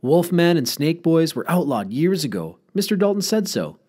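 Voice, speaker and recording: A man's voice: on the high side, very animated, moderate pace, dark tone, voice pushed up. A man voicing a worried, cautious schoolboy who keeps asking questions, in a storybook reading. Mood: anxious. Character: anxious schoolboy narrator, cautious.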